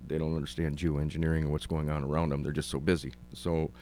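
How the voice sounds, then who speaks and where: Deep-voiced man narrating his clips. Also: flat delivery, fast, dark tone, a little hiss or hum. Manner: hesitant, many ums and restarts. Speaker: guest showing his own videos. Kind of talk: conversational interview, narrating clips.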